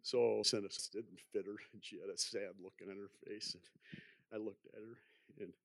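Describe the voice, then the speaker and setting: A man's voice: on the low side, steady tone, normal speed, creaky, fairly bright tone, no room sound, clean studio sound. A man in his sixties giving a personal testimony in church, rambling and chuckling as he tells his story. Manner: rambling, chuckling, self-deprecating.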